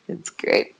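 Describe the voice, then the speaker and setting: A young adult woman co-hosting a podcast, chatting casually and laughing often as she retells scenes in acted-out voices. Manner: giggly, animated retelling with voiced quotes. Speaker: podcast co-host. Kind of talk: casual chat.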